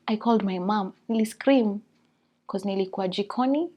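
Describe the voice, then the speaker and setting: Kenyan woman vlogger, lively storyteller, mid-range voice, code-switching chat. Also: mid-range voice, moderate pace, dull audio. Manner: animated, mixes English and Swahili. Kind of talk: casual storytelling.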